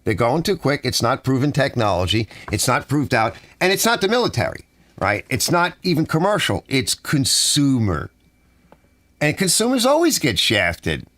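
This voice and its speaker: A middle-aged man from the United States hosting a rambling live stream, grumbling and animated as he reads chat aloud. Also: medium pitch, moderate pace, dry recording.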